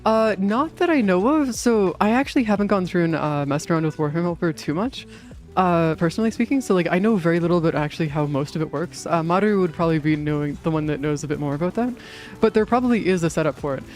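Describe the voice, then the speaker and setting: A laid-back gaming streamer who talks in loose, meandering bursts, piling up "uh"s and "like"s with easy casual swearing. The voice sits in an ordinary middle pitch, and faint game music plays underneath. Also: quick pace, darkish tone. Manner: rambling, filler-heavy, casual swearing. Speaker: live streamer.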